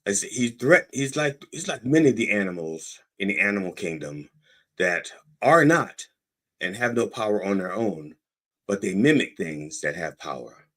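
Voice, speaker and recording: This podcast host speaks at a normal pace in a lowish, fairly bright voice with lively intonation. His casual monologue drifts between digressions, and he keeps interrupting himself.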